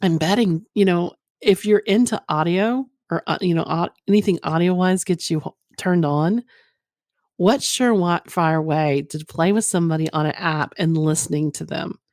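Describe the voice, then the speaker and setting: A woman's voice: on the low side, moderate pace, a little mellow, no room sound, clean studio sound. A woman guest in casual podcast chat, talking frankly and candidly in a rambling way about her past phone work. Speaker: guest, former phone sex operator.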